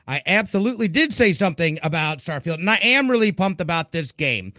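A man's voice: high-pitched, sing-song, brisk, sharp tone, no echo, clean studio sound. A man hosting a gaming podcast in casual, upbeat, emphatic chat. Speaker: podcast host.

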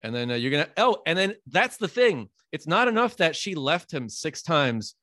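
A man's voice: a little high, big pitch swings, normal speed, sharp tone, dry recording, studio quality. A man co-hosting a podcast in casual chat, rambling with hesitant fillers. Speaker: podcast co-host.

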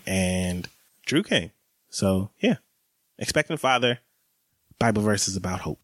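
A man in his late twenties talking casually in a vlog, chatty and relaxed, laughing now and then as he speaks. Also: lowish voice, takes it slowly, pauses often. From American South. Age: 20s. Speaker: vlogger.

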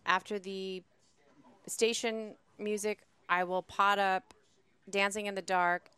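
A woman's voice: medium pitch, fairly even intonation, slow, a bit bright, clean tone, no room sound. A woman producing a radio show, planning the next segment and bantering with the hosts. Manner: practical, organizing, laughing easily. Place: radio studio.

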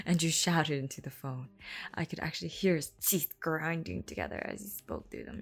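A woman's voice: low voice, lively intonation, a little slow. A woman reading a romance novel aloud for her podcast, laughing often and breaking off for chatty asides, sometimes dropping to a whisper. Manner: giggly, breaks off to comment and laugh; drops to a whisper for hushed passages. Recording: soft background music under the voice.

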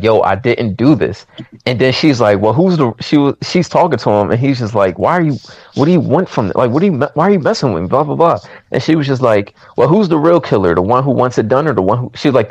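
A man retells a movie plot in casual chat, with an animated, storytelling delivery. He acts out the characters' lines as he goes. His voice sits at a middle pitch and is recorded dry and close. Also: dry recording, muffled recording. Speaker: movie recap podcaster.

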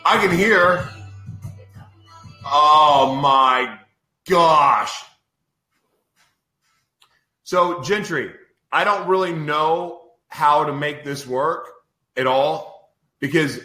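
A man's voice: fairly high pitch, animated, drawn-out words, pauses often, bright, forceful tone, reverberant, soft background music. A man hosting a podcast in a casual live-stream chat, exasperated and ranting over technical trouble. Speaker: podcast host.

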